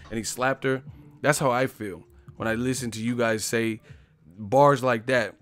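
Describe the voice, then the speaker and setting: A man's voice: mid-range voice, fairly even intonation, fairly quick, faint music behind. A man hosting a live stream, ranting in a sarcastic, mocking tone. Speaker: boxing live-stream host.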